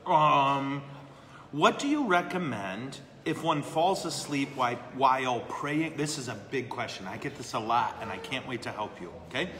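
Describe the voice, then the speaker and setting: A man's voice: medium pitch, expressive, moderate pace, bright, forceful tone. A man, a priest, chatting casually and answering questions live, self-deprecating and laughing often. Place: brewery. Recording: echoey room with long reverb.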